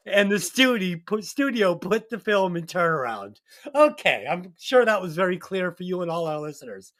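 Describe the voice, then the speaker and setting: A man's voice: sits high, sing-song, moderate pace, a bit bright. A man hosting a casual movie-review podcast, reading out segments in a loose, jokey way and tripping over his own words. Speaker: podcast host.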